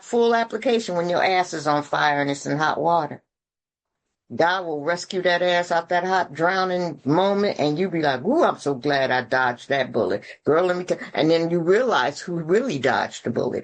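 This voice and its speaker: A woman from Atlanta, speaking at a recovery meeting in a blunt, earthy, preachy way with folksy slang and swearing, heard over a video call. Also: on the low side.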